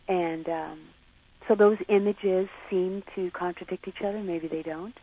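A woman being interviewed on the radio, talking in a halting, searching way and questioning herself as she reflects. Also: lowish voice, fairly even intonation, phone-quality sound, a little hiss or hum. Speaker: interview guest.

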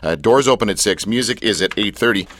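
A man's voice: on the low side, fairly quick. A man hosting a radio show, teasing and joking with his guests. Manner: teasing, playful, lively. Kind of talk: jokey radio chat.

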